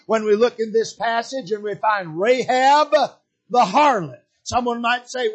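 A man with a notably high-pitched voice preaching a sermon. He talks in a homespun, storytelling manner, circling back over his phrases and filling pauses with frequent fillers. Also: dull audio. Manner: folksy, storytelling with many uh fillers and repeated phrases.

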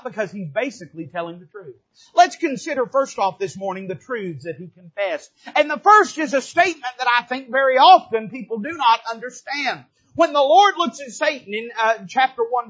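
Brief: high-pitched male preacher, emphatic pulpit sermon, muffled lo-fi recording. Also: breathy edge. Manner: emphatic preaching that builds to shouting. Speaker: pastor. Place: church pulpit.

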